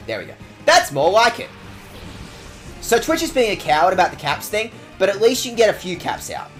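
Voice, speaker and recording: A man's voice: a little high, very animated, normal speed. A male streamer ranting with mock outrage and frequent swearing, his voice leaping up and down. Faint game music plays behind him. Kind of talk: casual game stream commentary.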